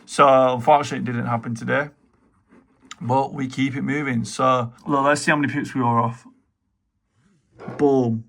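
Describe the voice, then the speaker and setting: A man's voice: medium pitch, level tone, moderate pace, gravelly, long pauses, fairly bright tone. A young British man giving casual, slangy, swear-heavy commentary on his live trades, exasperated by near misses. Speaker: day trader.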